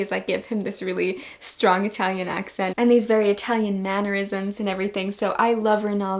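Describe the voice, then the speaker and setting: A woman's voice: medium pitch, darkish tone. A young woman in a casual book review vlog, talking to her viewers with gushing enthusiasm about the books she loves. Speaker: book vlogger.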